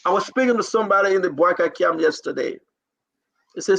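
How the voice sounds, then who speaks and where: Liberian guy, high bright voice, fired up and close to tears, keeps repeating himself like a rally speech. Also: quick pace, gravelly. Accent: Liberian English. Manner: emotional, declamatory, repeating phrases. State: holding back tears. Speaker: talk show host. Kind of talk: impassioned political speech.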